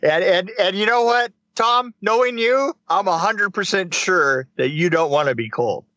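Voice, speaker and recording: Male host, high and bright, lively friendly reactions, dry close sound. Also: no echo, highs cut off. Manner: friendly, laughs along, quick reactions. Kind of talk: casual interview chat.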